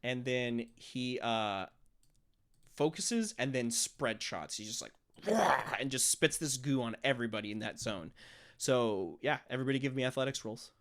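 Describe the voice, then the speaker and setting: A man's voice: medium pitch, moderate pace, a bit bright, clear, resonant tone. A man narrating a tabletop role-playing game as game master, explaining rules and acting out monster noises.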